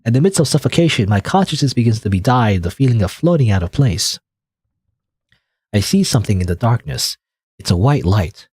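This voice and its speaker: Narrating and commenting on a visual novel in a laid-back let's-play, a man rambles, leaning on "like" and "you know." He speaks fairly quickly in a mid-range, darkish, slightly rough voice with big pitch swings, and there's no echo.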